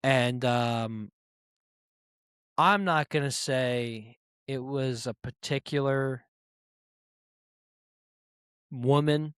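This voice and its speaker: A man's voice: mid-range voice, extremely slow, long pauses, a bit bright, clear, resonant tone, dry recording, studio quality. A man hosting his own podcast, ranting comically and profanely about a rude moviegoer, mocking people in quoted voices. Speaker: podcast host. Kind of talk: solo comedic rant.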